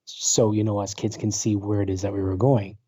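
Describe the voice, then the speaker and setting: This man's voice is on the low side, level and mellow, moving fairly quickly with no room sound and studio quality, though the recording is dull lo-fi internet call audio. In his forties, he's a paranormal researcher appearing as a talk show guest via video call, telling a personal story casually and ramblingly, full of fillers and restarts.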